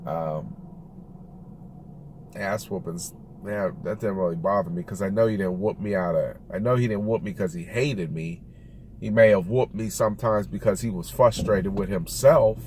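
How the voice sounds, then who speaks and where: A man speaking slowly and candidly in a reflective personal monologue, recorded with loud car noise around him. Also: sits low. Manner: slow, thoughtful, candid. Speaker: realtor talking about family.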